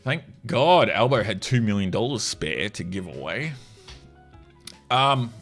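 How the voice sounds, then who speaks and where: A man's voice: lowish voice, very animated, measured pace, fairly bright tone, soft background music. A man giving casual, profane commentary, sarcastic and mocking, laughing between jabs as he reacts to online posts.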